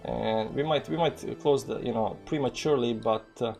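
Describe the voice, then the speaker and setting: At a moderate pace, a man with a Balkan accent from the former Yugoslavia delivers rambling, casual live crypto trading commentary, heavy on fillers and read-out numbers. His mid-range voice carries vocal fry and a darkish tone. Faint music plays behind him.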